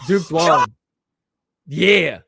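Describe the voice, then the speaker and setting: A young man hosting a live stream, joking and excitable as he reacts to clips and laughs often. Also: fairly high pitch, drawn-out words, gravelly, very noisy. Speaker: livestream show host. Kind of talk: casual live-stream commentary.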